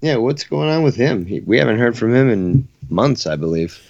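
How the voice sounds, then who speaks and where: Man, teasing, laughs a lot, lively up-and-down pitch, dry close mic. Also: moderate pace, vocal fry, no echo, muffled recording. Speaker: podcast co-host. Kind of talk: crude casual banter.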